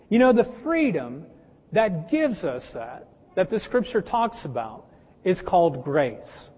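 A man's voice: high voice, big pitch swings, unhurried, breathy edge. A male pastor delivering a conversational sermon, calling his listeners folks and mixing in personal stories and humor. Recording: dull lo-fi with long hall reverb.

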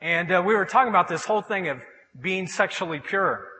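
A man's voice: sits high, a little fast, sharp tone, in a large hall, rough recording. A man preaching a sermon as pastor in a church, telling stories with animation and acting out the voices of the people he quotes. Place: church sanctuary.

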